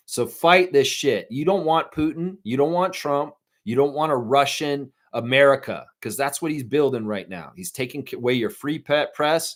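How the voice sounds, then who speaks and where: A middle-aged man hosting a live fan stream, ranting profanely and reading out chat messages. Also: medium pitch.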